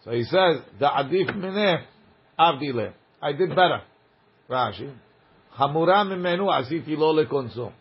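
A man's voice: fairly high pitch, lively intonation, moderate pace, husky, muffled recording. A man teaching a Talmud class, reading the Aramaic text aloud and explaining it in casual English.

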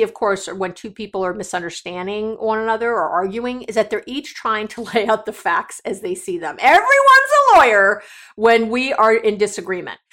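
A woman's voice: a little high, fairly bright tone. A middle-aged woman hosting a solo podcast, talking straight to her listeners in a direct, coaching and emotional way. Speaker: podcast host.

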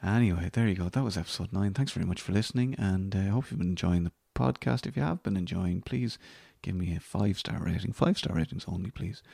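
Gravelly deep-voiced Irish man. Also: fast talker, few pauses, warm tone, no echo, clean studio sound. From Ireland. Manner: rambling, self-deprecating, trailing into whispers. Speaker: podcast host. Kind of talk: casual solo podcast sign-off.

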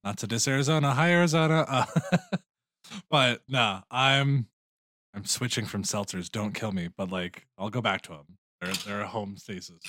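A man's voice: lowish voice, a little slow, bright, forceful tone, no room sound. A man playing in a tabletop game, chatting casually with jokes and frequent laughter. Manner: jokey, playful, laughs a lot. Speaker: tabletop player. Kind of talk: casual chat.

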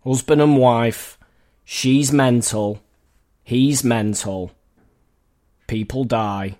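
A man co-hosting a film podcast, telling rambling stories in a relaxed chat. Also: mid-range voice, drawn-out words. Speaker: podcast co-host. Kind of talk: casual storytelling chat.

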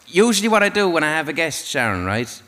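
A man's voice: on the high side, big pitch swings, fast talker, a bit bright. A man hosting a podcast in casual chat, rambling, jokey and irreverent. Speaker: podcast host.

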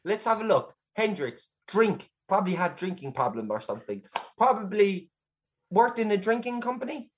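Cork man, podcast guest; husky, lively, rambling, swears freely, laughs a lot. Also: sits high, moderate pace. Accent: Cork Irish. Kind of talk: casual podcast chat.

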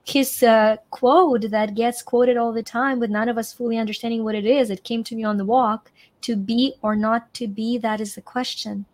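A woman's voice: a little high, fairly even intonation, normal speed, hardly any pauses, darkish tone. A middle-aged woman from Ukraine, a coach guest in an interview, talking expressively and repeating phrases for emphasis. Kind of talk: conversational interview.

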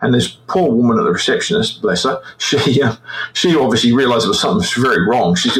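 Halting older Australian man. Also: medium pitch, lively intonation, a bit bright, slight background noise, rough recording. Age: 60s. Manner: halting, repeats words as he recounts. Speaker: guest, retired forensic examiner. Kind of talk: personal storytelling in an interview.

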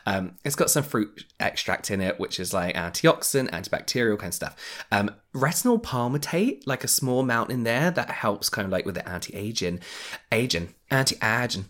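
A man's voice: on the low side, lively intonation, normal speed, fairly bright tone. Enthusiastic man rattling off skincare lists. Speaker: podcast co-host. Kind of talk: casual chat.

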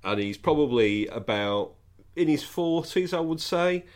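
A man's voice: on the high side, expressive, a little slow. A man, co-hosting a podcast and telling a long, wry anecdote in casual chat. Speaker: podcast co-host.

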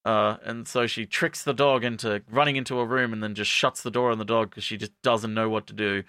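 A man's voice: fairly low pitch, steady tone, a little fast, sharp tone, clean tone, no echo, clean studio sound. A man co-hosting a podcast, recapping a show in a rambling, playful way with jokey asides. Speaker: podcast co-host. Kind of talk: casual comedic recap.

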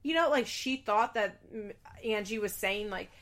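A woman's voice: medium pitch, measured pace, fairly bright tone. Young woman, mid-range voice, for a casual opinionated recap: blunt, exasperated, swears freely. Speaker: reality TV recapper.

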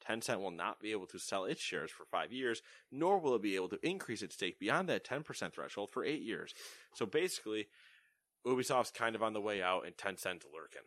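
Low, bright-voiced man on a podcast. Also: very animated, fairly quick, no room sound. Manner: joking, laughs often. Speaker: co-host reading gaming news. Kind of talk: casual podcast chat.

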